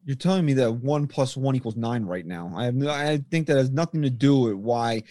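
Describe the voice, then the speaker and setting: A man's voice: mid-range voice, fairly quick, mellow, no room sound. A man co-hosting a sports podcast, blunt and agitated, swearing as he argues. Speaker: podcast co-host. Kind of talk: heated sports podcast rant.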